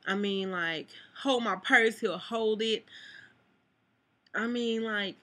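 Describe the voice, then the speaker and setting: Talking to her camera, a young woman rambles through an emotional personal vlog, leaning heavily on "like" and occasionally on the verge of crying. Her voice is medium in pitch, slow, and pushed and bright, picked up by the camera mic.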